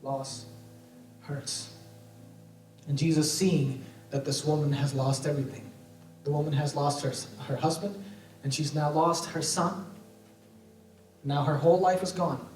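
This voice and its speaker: A man preaching a sermon in a high voice, shifting between hushed and impassioned. He sounds far from the mic in an echoey church sanctuary, with soft music playing underneath. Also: steady tone, normal speed, pauses often. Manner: emotive, swings between hushed and raised. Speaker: pastor.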